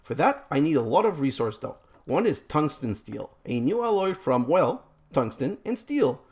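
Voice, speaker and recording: A man's voice: fairly high pitch, sing-song, moderate pace, darkish tone. A man giving rambling, self-mocking let's play commentary as he plays a game, groaning about his own mistakes.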